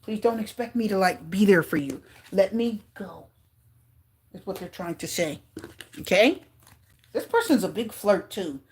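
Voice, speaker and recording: Excitable breathy-voiced woman tarot reader. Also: on the high side. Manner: excitable, gasping and exclaiming at cards. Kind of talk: live tarot reading to viewers.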